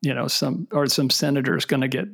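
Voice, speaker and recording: A man's voice: medium pitch, level tone, fairly quick, creaky, fairly bright tone. A middle-aged man hosting a casual political podcast with his sons, wry and rambling, often trailing off. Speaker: podcast host and father.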